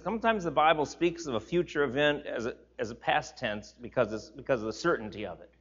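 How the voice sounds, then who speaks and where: A man's voice: medium pitch, a bit bright. Older male Bible teacher, emphatic, repeats for stress, dull lo-fi recording. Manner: emphatic, repeats words for stress, reads scripture aloud.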